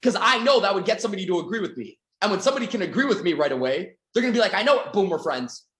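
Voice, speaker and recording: Energetic Canadian sales coach in an echoey room. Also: male voice, rapid-fire. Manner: energetic, acts out quoted dialogue with big pitch swings. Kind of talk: motivational seminar talk.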